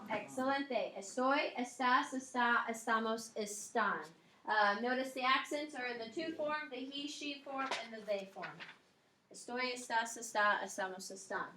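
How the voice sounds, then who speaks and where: A woman with a high, bright-pitched voice teaches a grammar lesson to her class. She explains each point step by step, dropping in "um" and asking "okay?" to check the students follow. The sound carries the echo of a classroom. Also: moderate pace, slight background noise. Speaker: Spanish teacher.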